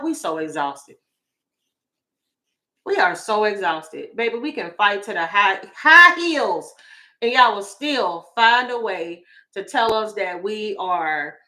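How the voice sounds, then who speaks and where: A woman tarot reader giving casual opinion commentary to camera, animated and sassy, talking straight to her viewers. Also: medium pitch. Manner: mimics other people in quick asides.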